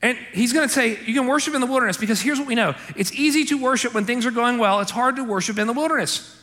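High, bright-voiced pastor preaching in a reverberant hall. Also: male voice, quick pace. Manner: conversational, emphatic, frequent "okay?" and "right?" asides. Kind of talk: sermon. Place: church sanctuary.

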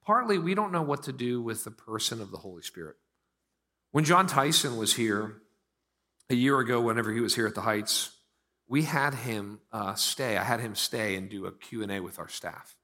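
Animated preacher man from Pittsburgh. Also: medium pitch. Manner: animated, swings between loud emphatic bursts and quiet slow lines. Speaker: pastor. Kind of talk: sermon.

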